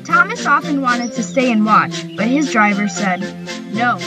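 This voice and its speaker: A woman narrates a children's railway tale in a gentle, measured way. Her voice sits fairly high. Clear music plays underneath the reading. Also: animated, poor audio. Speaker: storyteller. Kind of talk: storybook narration with character voices. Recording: music bed behind the voice. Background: background music.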